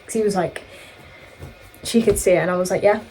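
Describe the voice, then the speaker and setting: A woman's voice: on the low side, fairly even intonation, brisk, warm tone, faint music behind, poor audio. Rambling young woman telling a storytime. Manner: rambling, self-correcting, chatty. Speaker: vlogger. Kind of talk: casual storytime chat.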